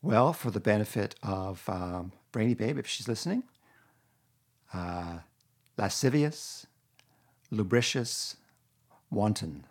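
A man talking casually in a vlog, answering questions and slowly reading out a word list with a wry, relaxed manner. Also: lowish voice. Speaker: vlogger. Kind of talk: casual accent-tag monologue.

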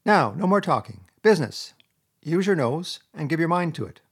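Rat, a hearty brisk water rat, voiced by a man. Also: fairly high pitch, big pitch swings, slightly rough, pitched above the performer's own voice.

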